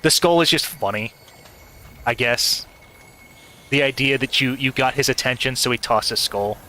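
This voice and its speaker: Bright-voiced rambling male streamer. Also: medium pitch, normal speed. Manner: rambling, stammering, laughing often. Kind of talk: casual live gameplay commentary.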